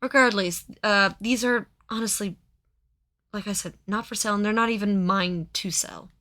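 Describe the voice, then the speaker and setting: A woman voicing a calm woman doctor who politely but firmly refuses. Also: mid-range voice, normal speed, lightly acted.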